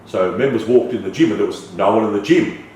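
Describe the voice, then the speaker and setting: In a casual storytelling interview, a middle-aged podcast guest with a fairly low voice keeps a brisk pace, swearing and dramatizing conversations as he goes. The recording is echoey and distant, with a faint hiss.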